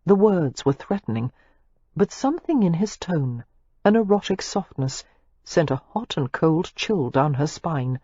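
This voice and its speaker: Husky, expressive woman narrator. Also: low voice, dry recording, lo-fi sound. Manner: expressive, measured storytelling. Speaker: audiobook narrator. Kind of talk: scripted romance narration.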